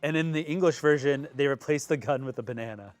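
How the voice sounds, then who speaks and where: A man's voice: mid-range voice, fast talker, no room sound, soft background music. A man co-hosting a casual movie-review chat, talking loosely with frequent fillers and laughs. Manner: chatty, laughs often, uses lots of fillers. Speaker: podcast co-host.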